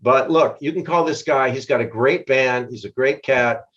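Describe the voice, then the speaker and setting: An older man being interviewed as a guest musician, telling a story in a lively way and laughing mid-sentence. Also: mid-range voice, moderate pace. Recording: dull lo-fi sound.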